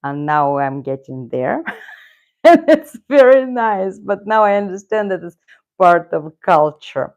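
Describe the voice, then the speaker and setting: A woman's voice: mid-range voice, sing-song, takes it slowly, darkish tone, highs cut off. A middle-aged woman from Russia, a native Russian speaker, hosting a casual live stream with rambling, self-correcting talk and frequent chuckles. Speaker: channel host.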